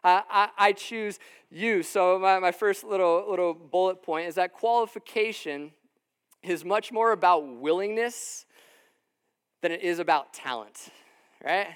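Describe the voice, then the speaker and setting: Casual high-voiced man preaching. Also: measured pace, clean tone. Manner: casual, conversational preaching with many fillers and repeated words; acts out what the people in the story say. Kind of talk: sermon. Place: room with a live audience.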